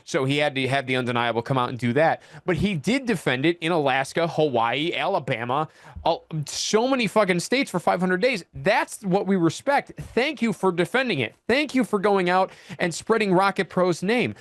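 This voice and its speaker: Guy going off on a heated cussing rant, kinda high voice, dry mic. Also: lively intonation, normal speed, a bit bright, dry recording. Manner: angry, profane, ranting with repetition. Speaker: wrestling champion guest.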